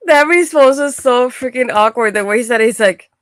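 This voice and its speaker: A woman hosting a casual wrestling recap, chatty and quick to laugh, with lots of fillers like "like". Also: a little high, fairly bright tone, dry recording, studio quality. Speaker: podcast host.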